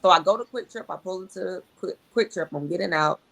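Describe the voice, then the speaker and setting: A middle-aged woman telling a personal testimony in an animated way, acting out dialogue and repeating herself. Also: on the low side, fairly quick, gravelly. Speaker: speaker sharing a testimony.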